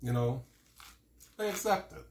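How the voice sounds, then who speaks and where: A man's voice: mid-range voice, animated, unhurried, roomy sound, slight background noise. A man in his forties chatting casually while eating, rambling through an old story and sometimes talking with his mouth full. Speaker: mukbang vlogger.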